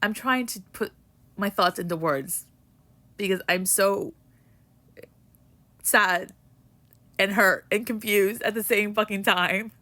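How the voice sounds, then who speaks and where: A woman's voice: mid-range voice, slow pace, long pauses, bright, forceful tone. A young woman ranting emotionally about a book in a casual vlog, swearing and rambling with lots of "like". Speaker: book vlogger.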